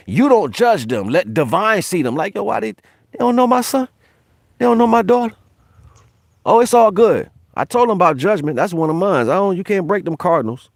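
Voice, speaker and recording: A man's voice: medium pitch, no echo, clean studio sound. A man hosting a spiritual livestream in a brash, profane, casual way, laughing often.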